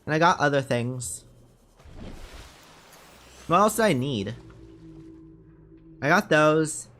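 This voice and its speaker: A man's voice: on the high side, animated, takes it slowly, a bit bright, soft background music. A man streaming a game and chatting casually with viewers, rambling with many fillers and restarts. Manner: rambling, chatty, lots of fillers and self-corrections. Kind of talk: casual live-stream chat while gaming.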